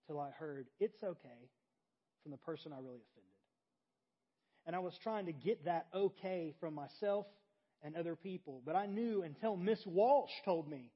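A young adult man preaching a sermon, telling a story with big swings between loud animated moments and quiet intimate ones. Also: a little high, dull audio. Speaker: pastor.

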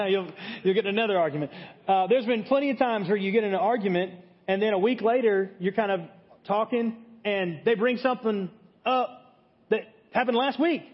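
A man with a high voice preaches to his congregation, talking it through plainly and pausing to ask "okay?" as he goes. His words ring out with a long reverb in a large hall. The sound is a bit muffled. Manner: conversational teaching, frequent "okay?" check-ins. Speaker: pastor. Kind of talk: sermon.

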